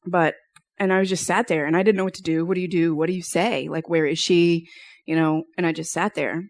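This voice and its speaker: A woman's voice: fairly low pitch, fairly even intonation, fast talker, no room sound, studio quality. A young woman giving a personal testimony at church, telling her story conversationally with lots of fillers.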